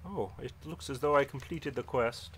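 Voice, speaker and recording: A man's voice: mid-range voice, moderate pace, a bit bright, slight background noise, close to an everyday voice. A man voicing a pompous, zealous paladin who hates monsters, speaking in formal old-fashioned phrases as he plays a game. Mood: pondering. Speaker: game player role-playing his character. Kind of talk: in-character role-play over gameplay.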